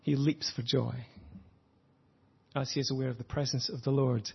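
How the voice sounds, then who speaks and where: Husky-voiced male preacher, lo-fi. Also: mid-range voice, steady tone. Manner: earnest, reflective, slows for emphasis. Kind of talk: sermon.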